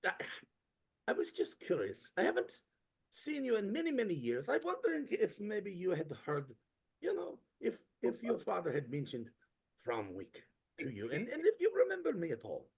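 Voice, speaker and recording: A man doing a tiny, creaky, chatty old acquaintance. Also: high voice, huge pitch swings, normal speed, heavily acted. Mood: curious, chatty. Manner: rambling, stammering, odd word order. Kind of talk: tabletop role-play voice.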